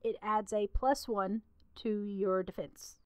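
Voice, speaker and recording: A woman's voice: medium pitch, steady tone, takes it slowly, clean tone, no echo, voice pushed down, close to an everyday voice. A woman voicing a frank, matter-of-fact female alchemist and shopkeeper in a tabletop game.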